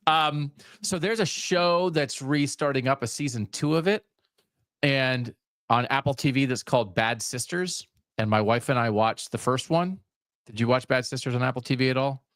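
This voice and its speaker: A man's voice: mid-range voice, normal speed, fairly bright tone, no echo, studio quality. Enthusiastic man recommending shows. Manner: enthusiastic, recommends at length, hedging asides. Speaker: podcast co-host. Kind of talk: casual chat.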